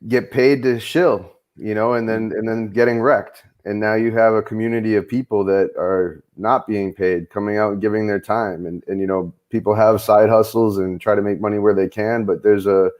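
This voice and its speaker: A man's voice: lowish voice, fairly even intonation, moderate pace, hardly any pauses, a little mellow. A man speaking earnestly on a live chat show, rambling with many restarts. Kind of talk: casual chat.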